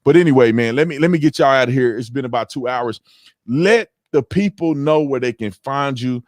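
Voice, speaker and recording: A man hosts a casual panel livestream in a brisk, medium-pitched voice with clean studio sound and no room echo. He tells animated, slang-heavy stories and acts out what people said.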